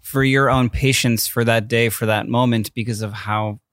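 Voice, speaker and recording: A young adult man co-hosting a podcast, speaking in a halting, thoughtful way that often trails off. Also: mid-range voice, fairly even intonation, fairly bright tone. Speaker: podcast co-host. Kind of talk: casual chat.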